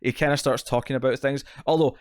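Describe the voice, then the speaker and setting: A man co-hosting a podcast, recapping a TV episode in casual chat, animated and quick to laugh. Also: mid-range voice, smooth, no room sound, clean studio sound. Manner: animated, laughs often, acts out characters' lines. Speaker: podcast co-host.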